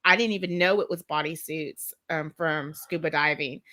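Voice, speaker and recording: A woman's voice: low voice, moderate pace, bright, forceful tone, dry recording. A woman with a Texas accent chatting casually on a live stream as co-host, rambling and laughing often. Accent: Texan.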